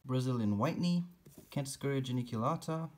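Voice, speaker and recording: A man's voice: medium pitch, fairly quick, a little mellow. A man narrating a casual pet-keeping vlog, chatty and teasing his spiders as he feeds them. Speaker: reptile and spider keeper vlogger.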